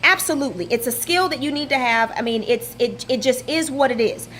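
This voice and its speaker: Woman, fitness vlogger, motivational rant, emphatic rhetorical questions, fairly high voice, faint background hiss. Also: brisk, fairly bright tone. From Texas.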